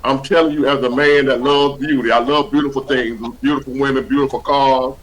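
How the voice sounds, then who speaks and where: A man's voice: medium pitch, fairly even intonation, brisk, a bit bright, rough recording. A man hosting a livestream over a video call, talking bluntly and preachily in casual slang with plenty of cussing. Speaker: livestream host.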